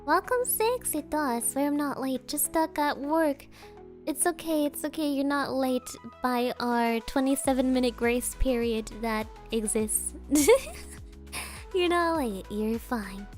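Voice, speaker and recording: Young woman streamer, high voice, talks slow, teasy and dramatic with chat, soft music behind. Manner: playful, teasing, mock-offended. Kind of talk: casual chat with viewers.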